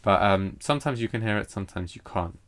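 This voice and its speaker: A man's voice: lowish voice, fairly bright tone. A man teaching a recorded poetry lesson, hesitant and full of fillers as he explains meter. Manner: hesitant, lots of fillers and restarts; reads poetry lines aloud slowly with stress.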